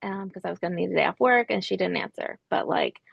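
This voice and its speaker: A woman in her thirties tells a difficult personal story as a podcast guest. Her voice is lowish and heavily gravelly with vocal fry, and she hesitates often, restarting sentences and sometimes sinking to a whisper. The sound is dry and close. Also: quick pace, no echo, highs cut off. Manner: hesitant, many restarts and ums, drops to a whisper at hard moments. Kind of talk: interview storytelling.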